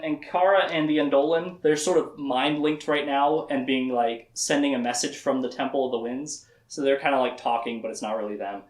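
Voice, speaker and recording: In a reverberant space, a slightly high-voiced man hosting a podcast chats loosely about a fantasy novel he's recapping, wandering off on tangents, laughing, and voicing lines from the characters.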